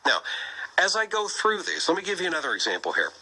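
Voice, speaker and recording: A man's voice: on the high side, wildly swooping pitch, quick pace, pushed and bright, a little hiss or hum, low-quality recording. A man hosting a Christian apologetics talk show, speaking energetically and pressing the listener with rhetorical questions. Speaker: radio talk show host.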